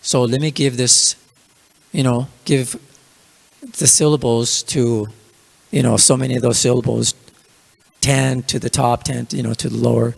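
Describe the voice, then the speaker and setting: A man's voice: medium pitch, fairly even intonation, measured pace, creaky, pauses often, slightly rough, long reverb tail, heavily acted. A man voicing a generous male deity in a casual storytelling tone during a class. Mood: explaining. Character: generous god, calm elder male deity.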